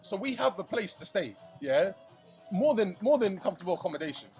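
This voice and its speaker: A young man, telling a night-out story in casual podcast chat, animated, slangy and swearing. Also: sits high, brisk. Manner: animated, swearing, slangy, acts out friends' lines. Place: shisha lounge. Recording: music playing behind.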